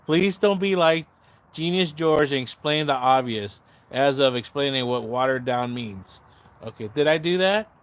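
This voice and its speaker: A man's voice: mid-range voice, expressive, moderate pace, clear, resonant tone. A man hosting a casual livestream, chatting to viewers in the comments, sarcastic and rambling, swearing freely and often losing his train of thought. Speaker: livestream host.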